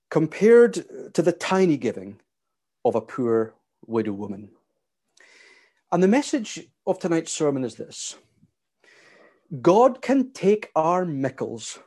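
A man preaching a sermon in a measured, emphatic way. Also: a little high, darkish tone. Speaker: pastor.

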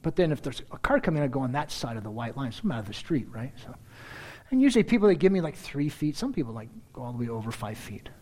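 A middle-aged male pastor preaching a sermon, telling stories in a lively, conversational way and often clearing his throat. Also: mid-range voice, fast talker. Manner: animated storyteller, conversational asides, frequent throat-clearing.

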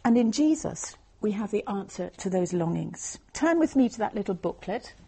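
A woman delivers an evangelistic Bible talk in an earnest, explanatory way. Her voice is warm and mellow, with a husky, breathy texture. She sits at a middling pitch for a woman. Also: lively intonation, normal speed. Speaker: lay speaker giving a Christian talk.

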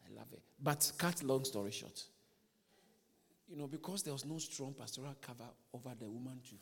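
Recorded in an echoey church hall, a man preaching a sermon as a pastor speaks at a medium pitch and normal speed. He tells a story energetically, repeating phrases and posing questions to the congregation.

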